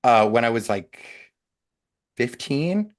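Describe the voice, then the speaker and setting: A man's voice: mid-range voice, animated, takes it slowly. A man who is a regular on a casual podcast, telling stories in a rambling way full of "like". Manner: rambling storyteller, many "like"s. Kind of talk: casual chat.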